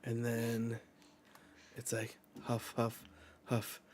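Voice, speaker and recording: A man's voice: mid-range voice, completely flat delivery, extremely slow, a little mellow, a little hiss or hum. A man hosting a live reading reaction, casually retelling a manga chapter panel by panel and reading the characters' lines aloud, with the odd swear.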